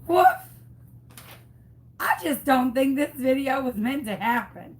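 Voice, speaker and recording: A woman's voice: sits high, animated, slow pace. A woman chatting in her home kitchen as a craft host, exclamatory and rambling as she tells a story. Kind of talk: casual live-stream chat.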